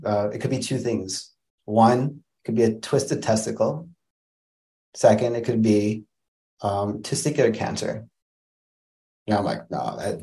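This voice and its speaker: A young man from Wisconsin, USA, appears as a podcast guest, telling a personal story casually and ramblingly, with lots of restarts. His voice is on the low side, with a dark tone.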